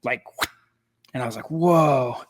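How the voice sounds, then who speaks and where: This middle-aged man, a guest on a podcast, has a gravelly, mid-range voice and talks fairly quickly as he casually tells a story. His delivery is animated and chatty, full of laughter and filler words.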